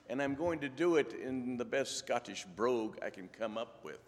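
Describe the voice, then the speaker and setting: A man reading scripture and telling an anecdote as a church lay speaker, in a measured, deliberate way. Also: mid-range voice, lively intonation. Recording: long hall reverb.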